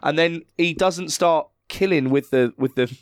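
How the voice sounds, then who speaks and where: A man's voice: a little high, measured pace, clean tone, dry recording, clean studio sound. A man co-hosting a casual film chat, swearing freely, laughing often and acting out characters' lines.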